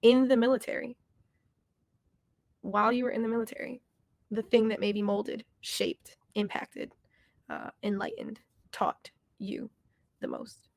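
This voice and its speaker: A woman's voice: a little high, big pitch swings, a little slow, gravelly, long pauses, a little mellow, no echo. A young woman hosting a podcast interview, affirming her guest and laughing often, with casual swearing. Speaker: podcast host.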